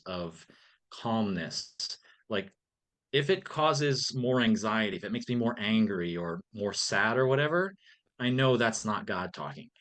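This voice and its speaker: Appearing as a guest on a casual podcast interview, this man has a lowish voice with a fairly bright tone. He comes across as earnest and reflective, peppering his speech with plenty of "um" and "like."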